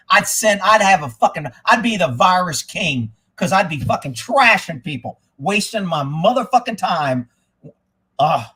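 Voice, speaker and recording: A man with a high voice rants through a live stream, swearing constantly. He drops to a grumble, then climbs to exasperated shouts. He talks like an irritated host hitting back at his commenters. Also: husky. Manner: angry, swearing, swings from muttering to shouting. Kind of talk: profane ranting live stream.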